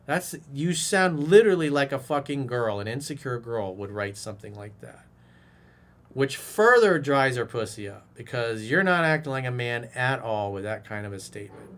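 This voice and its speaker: A man's voice: medium pitch, expressive, moderate pace, fairly bright tone. Blunt, profane male dating coach. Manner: casual bro-talk, direct address. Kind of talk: advice monologue reacting to a viewer's message.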